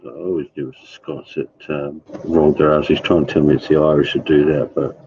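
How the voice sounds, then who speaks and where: A man's voice: extremely low pitch, level tone, brisk, husky. A man chatting casually with his live viewers, rambling and calling out chatters by name, from home. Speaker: livestreamer. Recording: tinny phone-like sound.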